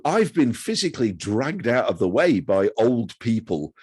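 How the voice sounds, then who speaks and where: A man's voice: mid-range voice, very animated, a little slow, darkish tone, breathy edge. A man in his sixties, a guest telling chatty, self-deprecating stories in a casual interview. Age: 60s.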